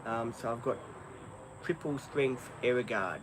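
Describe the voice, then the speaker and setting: A man's voice: mid-range voice, measured pace, background noise. An Australian man hosting a live stream, chatting in an easygoing, rambling way with many ums. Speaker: livestream host. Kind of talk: casual live stream chat.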